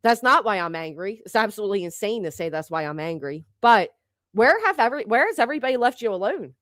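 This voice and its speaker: A woman's voice: mid-range voice, sing-song, quick pace, a bit bright, no room sound, clean studio sound. A woman delivering a heated, sarcastic commentary rant, swearing and firing off rhetorical questions. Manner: indignant, sarcastic, profane, fires rhetorical questions. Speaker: online commentator.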